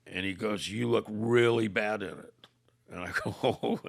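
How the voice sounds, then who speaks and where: An older man, a podcast guest, telling a story by acting out both sides of an old argument, with halting restarts. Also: fairly low pitch, vocal fry. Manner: retells arguments through quoted dialogue, "I said", "I go". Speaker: podcast guest, former motorcycle club leader. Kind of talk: storytelling in conversation.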